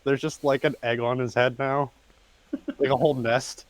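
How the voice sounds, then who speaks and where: A man playing a tabletop game, joking around in quick, giggly banter. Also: mid-range voice, steady tone, no room sound. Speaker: player. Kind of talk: casual tabletop game chat.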